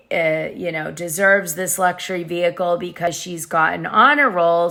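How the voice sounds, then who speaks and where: A woman's voice: lowish voice, gravelly, pushed and bright. A woman hosting a gossip show, recapping reality TV episodes in a chatty, conspiratorial way.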